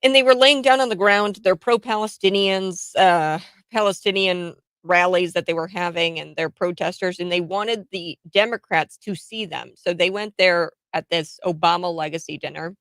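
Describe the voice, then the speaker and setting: A woman hosts a talk radio show, riffing on the news in a chatty, opinionated way. Her voice sits a little low for a woman, and she laughs often and scatters fillers through her talk. The studio sound is dry and close. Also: moderate pace, few pauses, a bit bright, no room sound.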